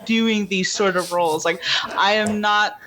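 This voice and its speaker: A woman's voice: medium pitch, fairly even intonation, a little slow, a bit bright. A woman guest reviewing a film, talking candidly and laughing easily in casual chat.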